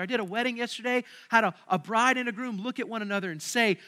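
A man's voice: extremely high pitch, quick pace, hardly any pauses, bright, forceful tone. A man preaching a sermon at a church service, talking in a conversational, emphatic way and asking the crowd questions. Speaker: pastor.

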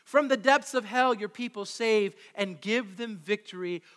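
Excitable high-voiced preacher in a reverberant hall. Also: male voice, unhurried. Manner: animated, excitable preaching with rising intensity. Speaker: pastor. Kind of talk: sermon. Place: church sanctuary.

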